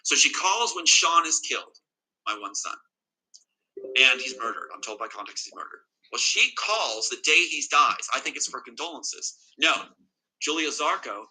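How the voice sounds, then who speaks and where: Husky-voiced man, very bright and emphatic. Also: medium pitch, expressive, moderate pace, rough recording. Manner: agitated, emphatic, repeats himself. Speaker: interview guest. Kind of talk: emotional personal account.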